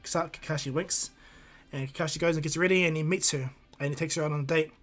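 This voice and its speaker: A man's voice: fairly high pitch, steady tone, fast talker, a bit bright, soft background music. A man improvising a fan fiction story aloud, rambling with many fillers and restarts.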